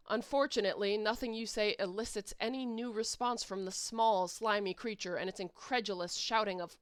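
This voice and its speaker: Young woman reading a webcomic aloud, slow and playful, lively pitch, dry close mic. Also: dry recording. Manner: playful, animated, reacts to the text. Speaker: webcomic reader.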